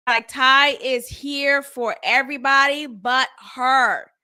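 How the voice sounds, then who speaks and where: A woman with a high, bright voice recaps a reality show on her podcast. She talks in a casual, blunt and animated way, full of slang, and laughs at the cast a lot. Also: unhurried, few pauses.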